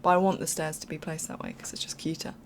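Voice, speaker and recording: Gravelly, low-voiced young woman rambling casually. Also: sing-song, fast talker, a little hiss or hum. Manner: rambling, chatty, apologetic, laughs often. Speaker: game speed-build creator.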